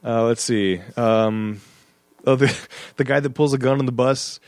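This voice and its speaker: A man's voice: mid-range voice, steady tone, measured pace, a little mellow, no room sound. A man hosting a casual movie podcast, joking and chuckling through his points. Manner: chuckling, jokey asides.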